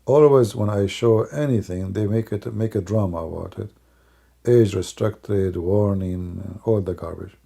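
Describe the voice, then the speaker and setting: A man's voice: fairly low pitch, a little slow, vocal fry, mellow, breathy edge. A man doing live-stream commentary in a mocking, sarcastic way, with non-native English grammar. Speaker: online religious commentator.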